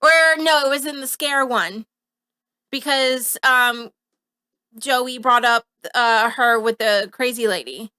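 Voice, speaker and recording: A woman's voice: a little high, slow pace, pushed and bright, smooth, dry recording. Sardonic woman reacting to a TV show. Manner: blunt and sardonic, with dramatic reactions. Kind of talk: casual chat.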